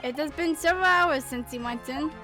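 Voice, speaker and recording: A woman voicing a chatty male police constable from a game, in a put-on accent of no clear origin. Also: high voice, fairly quick, natural voice. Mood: polite. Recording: game music under the voice. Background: game music.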